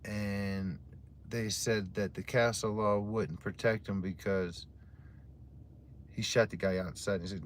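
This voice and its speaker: A man's voice: fairly low pitch, fairly even intonation, slow pace, slight background noise. A man casually telling stories to his livestream audience in a rambling, heavily profane way while drinking a beer. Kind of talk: casual storytelling chat to a live audience.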